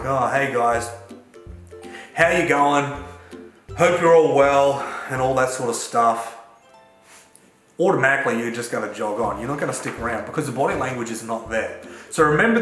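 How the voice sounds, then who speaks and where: A man talks straight to camera in a relaxed, chatty way, coaching viewers on getting along with people. His mid-pitched voice rings around an echoey room, with faint music underneath. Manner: chatty and relaxed, with Australian slang. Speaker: self-development coach. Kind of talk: casual talk to camera.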